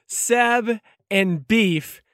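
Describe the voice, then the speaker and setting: A woman's voice: medium pitch, extremely slow, no room sound, clean studio sound. A woman game master narrating a tabletop game with amused, giggly scene-setting.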